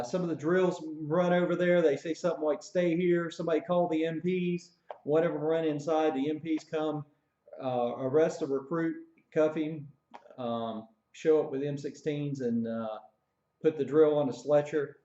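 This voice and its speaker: A man's voice: on the high side, mellow. A man casually telling an army story, rambling with fillers and self-corrections. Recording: dull echoey room recording.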